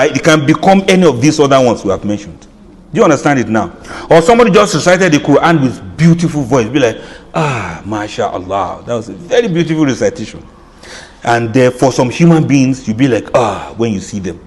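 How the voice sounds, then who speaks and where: A man giving an informal religious lecture, chatty and often laughing, playing out reactions with soft drawn-out sighs. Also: a little high, long reverb tail. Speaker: Islamic lecturer. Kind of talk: informal sermon.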